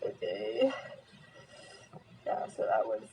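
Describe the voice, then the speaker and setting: A woman's voice: medium pitch, very animated, takes it slowly, gravelly, warm tone, highs cut off, a little hiss or hum. A young American woman chatting casually as she eats, telling a story with lots of fillers. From United States. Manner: chatty storytelling, many fillers, eating between lines. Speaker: vlogger. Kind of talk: casual chat while eating.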